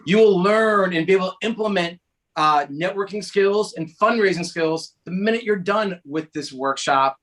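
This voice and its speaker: Jersey guy guesting on a talk show, high voice, chatty and pumped, plugging his workshop. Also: normal speed, fairly bright tone. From New Jersey. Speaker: guest speaker. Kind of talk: conversational interview talk.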